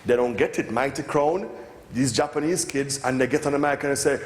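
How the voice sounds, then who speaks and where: A middle-aged Jamaican man, a record producer giving a casual lecture, who tells lively stories, swears freely and slips into patois impressions. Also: medium pitch, brisk. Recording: echoey hall with long reverb.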